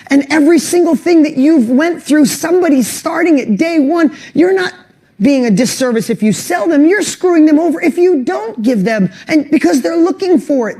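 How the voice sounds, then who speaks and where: Animated man telling sales stories. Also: very high voice. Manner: animated, acts out quoted voices, restarts sentences; speaks directly to an online audience. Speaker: business coach and motivational speaker. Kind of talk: motivational storytelling talk.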